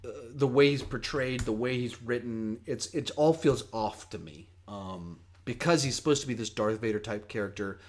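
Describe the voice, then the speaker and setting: A young man hosts a casual livestream question session, talking in a rambling, self-mocking way. His voice sits at a middle pitch, and he often jumps up in energy mid-sentence. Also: normal speed, few pauses. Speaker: host.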